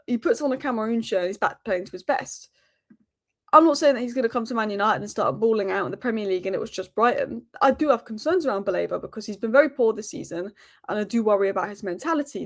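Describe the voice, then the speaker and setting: A woman hosting a daily football news roundup, talking rapid-fire and opinionated. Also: mid-range voice, animated. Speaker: football channel host.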